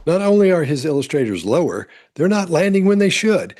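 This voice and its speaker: A man's voice: a little high, very animated, fairly quick, darkish tone. A man commenting on courtroom testimony as a body language analyst, explaining in an instructive way. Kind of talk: commentary over courtroom clips.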